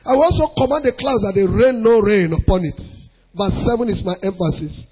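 A man's voice: high voice, a little fast, slightly rough, highs cut off. A man preaching a sermon, reading scripture aloud and then questioning his listeners with rising emphasis.

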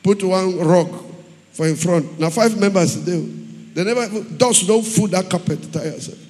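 Man, pastor, emphatic preacher, high voice, long church-hall reverb. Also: normal speed, darkish tone. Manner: emphatic, repeats phrases, tells stories. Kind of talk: sermon.

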